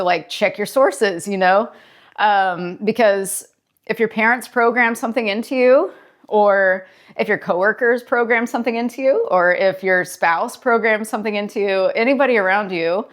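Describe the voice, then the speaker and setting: A woman therapist talking casually to camera in a daily vlog, relaxed and chatty with filler words. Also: medium pitch. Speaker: therapist and daily video creator.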